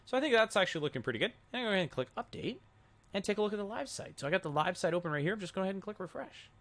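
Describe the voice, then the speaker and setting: A young adult man giving a casual screen-recorded software tutorial, thinking aloud as he clicks through settings. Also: high-pitched, big pitch swings, rapid-fire. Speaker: web design tutor.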